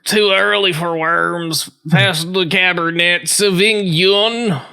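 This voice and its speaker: A pompous, idle bird lawyer with a mock French accent, as a man puts him on, drawling each line with theatrical flair. The voice sits fairly high and rings bright and forceful. It is a playful game voice that stays grand and lazy throughout. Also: fairly even intonation, takes it slowly, creaky, clear, resonant tone, full character voice. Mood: languid. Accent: put-on French. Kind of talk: let's play voice acting.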